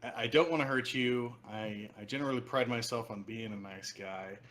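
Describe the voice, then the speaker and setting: A man voicing a male wizard adventurer in a tabletop game, calm and mock-polite while making threats. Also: medium pitch, moderate pace, close to an everyday voice. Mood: menacing polite.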